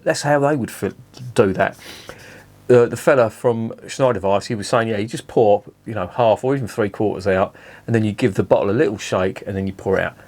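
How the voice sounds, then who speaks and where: A man reviewing beer in a blunt, sweary, animated rant. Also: medium pitch. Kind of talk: casual ranting review.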